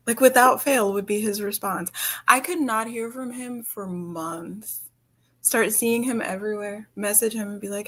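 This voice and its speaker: A woman's voice: fairly high pitch, moderate pace, a bit bright. Frank woman co-hosting a chat show. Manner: candid and frank, swears casually. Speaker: podcast co-host. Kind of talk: casual chat.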